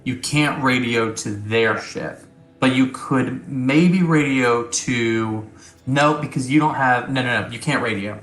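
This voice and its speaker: A man running a tabletop game as its game master, narrating casually with hesitant pauses. His voice is bright and forward, and the room gives it a clear echo. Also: mid-range voice. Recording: echoey room.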